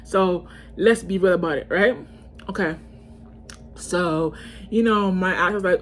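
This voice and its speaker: A woman's voice: medium pitch, a little slow, long pauses. A young woman vlogger telling a storytime, ranting heatedly with lots of cursing and repetition. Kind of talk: storytime rant.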